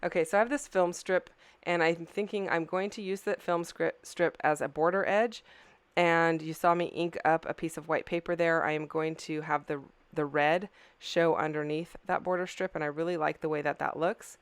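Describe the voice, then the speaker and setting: A woman's voice: deep voice, steady tone, normal speed, smooth, no room sound. A middle-aged woman, tired, casually narrating her scrapbooking process as a craft channel host, rambling a little and correcting herself. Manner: rambling, self-correcting, apologetic.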